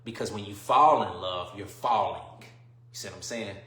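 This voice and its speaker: Forceful low-voiced man preaching on a livestream. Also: moderate pace, roomy sound. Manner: emphatic, keeps asking "you see what I'm saying"; swings between quiet musing and loud preaching bursts. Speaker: livestream host.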